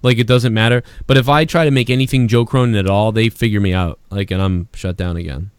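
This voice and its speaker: A man's voice: fairly low pitch, fairly even intonation, quick pace, clean tone, no room sound, clean studio sound. A man from Massachusetts hosting a podcast, chatting casually and rambling with lots of fillers and swearing. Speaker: podcast host.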